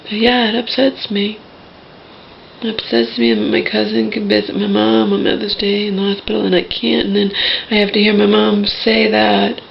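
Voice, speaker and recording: A woman's voice: mid-range voice, level tone, normal speed, creaky, dull audio, slight background noise. A woman venting in an emotional personal monologue, agitated and restarting her sentences often. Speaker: vlogger.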